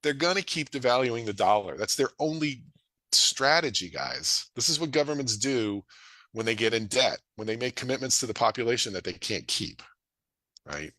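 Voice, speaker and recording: A middle-aged man presenting to an audience in an energetic, folksy way, acting out dialogue. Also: moderate pace, dry recording. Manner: energetic, folksy, acts out dialogue with rising pitch. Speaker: real estate investor presenting a webinar.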